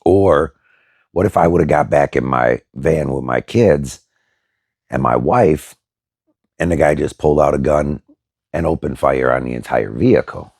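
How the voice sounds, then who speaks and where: A man's voice: rumbling low, measured pace, darkish tone, breathy edge, dry recording, clean studio sound. A middle-aged man telling a story casually to his viewers, blunt and profane, with many fillers. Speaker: vlogger.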